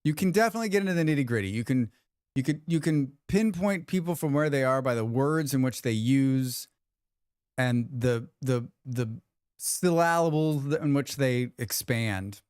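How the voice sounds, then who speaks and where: A man's voice: mid-range voice, moderate pace, a little mellow, clear, resonant tone, no echo, studio quality. A man hosting a game livestream, rambling casually and reading out chat messages. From United States. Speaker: livestream host. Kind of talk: casual chat with chat while gaming.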